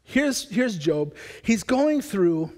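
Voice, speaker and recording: Energetic preacher in a reverberant hall. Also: male voice, sits high, slow pace. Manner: energetic, conversational, frequent restarts. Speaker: pastor. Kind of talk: sermon. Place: church. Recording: long church hall reverb.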